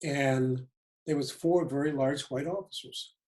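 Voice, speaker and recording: A man in his seventies from Detroit, a retired police chief giving a lecture, telling a personal story deliberately and reflectively, often repeating words for emphasis. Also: medium pitch, fairly even intonation, a little mellow, rough recording. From Detroit, USA.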